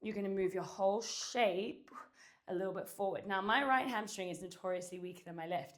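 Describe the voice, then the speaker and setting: A woman's voice: mid-range voice, a little fast. Woman, pilates instructor, out of breath, counting reps while exercising, puffing between cues, home workout, distant camera. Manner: cueing and counting while exercising, with sighs and puffs. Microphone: far camera.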